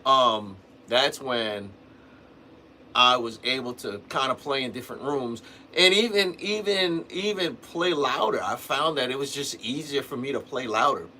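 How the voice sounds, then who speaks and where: This livestream host speaks at a measured pace in a bright, forceful, medium-pitched voice, with slight noise behind him. He rambles casually about drumming, often restarting sentences and tossing in "man" and "you know," in a loose teaching style.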